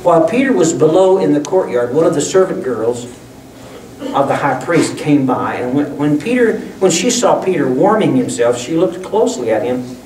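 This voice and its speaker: A man's voice: a little high, animated, normal speed, a little mellow, a little hiss or hum. A man preaching a sermon as pastor, talking in a folksy, conversational way with frequent restarts. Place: church sanctuary. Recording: echoey room, distant mic.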